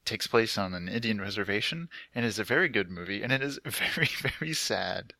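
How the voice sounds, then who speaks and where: A man's voice: on the low side, brisk, gravelly, pushed and bright, no room sound. A young man on a laptop headset mic, telling a rambling story in casual podcast chat. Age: young adult. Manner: rambling, chatty storytelling with frequent "like" fillers. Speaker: podcast co-host.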